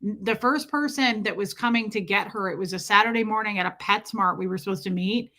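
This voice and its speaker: A woman's voice: mid-range voice, a little fast, sharp tone. A woman hosting a casual livestream, chatty and gushing as she greets viewers by name. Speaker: livestream host. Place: Kansas City area.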